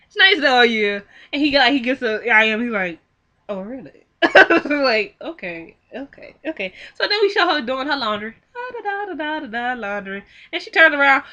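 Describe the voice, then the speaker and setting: A young woman talks through a movie plot in a casual, animated way. Her voice sits a little high and bright. She keeps slipping into quick quoted lines for the characters. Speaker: film reviewer. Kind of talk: casual movie recap and commentary.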